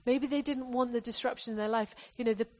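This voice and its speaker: A woman's voice: a little high, fairly even intonation, a little mellow. Earnest woman preaching a sermon. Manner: earnest, halting restarts, exhorting the congregation.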